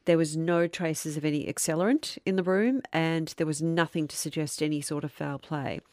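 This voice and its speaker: Woman, podcast co-host, deep voice, chatty, thinks aloud, dry studio sound. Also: steady tone, moderate pace, darkish tone, no room sound. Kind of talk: casual chat. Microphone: studio mic.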